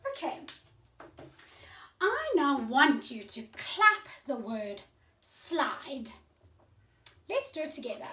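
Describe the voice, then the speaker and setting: A woman teaching a phonics lesson to young children in a slow, clear teacherly voice, sounding out letters, heard from a distance in a roomy space. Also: high-pitched, huge pitch swings, bright, forceful tone, a little hiss or hum. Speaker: primary school teacher.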